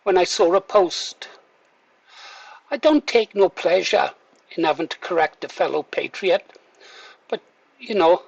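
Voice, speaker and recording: A man's voice: high-pitched, unhurried, creaky, long pauses, breathy edge, dry recording, dull audio. A man giving casual to-camera commentary, wry and mock-reluctant, then firmly emphatic. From Wales. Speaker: political video commentator.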